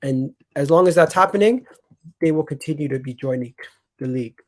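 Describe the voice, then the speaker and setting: A man hosting a live football stream, talking to his chat in an animated, emphatic way and often repeating himself. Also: on the high side, fairly quick. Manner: chatty, addresses chat directly. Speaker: football channel host.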